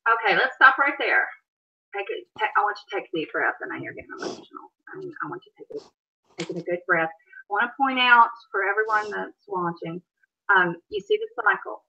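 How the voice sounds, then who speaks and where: A woman hosting a live stream, calmly explaining and coaching her guest. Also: mid-range voice, brisk, muffled recording. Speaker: stream host and counselor. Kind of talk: educational live-stream talk.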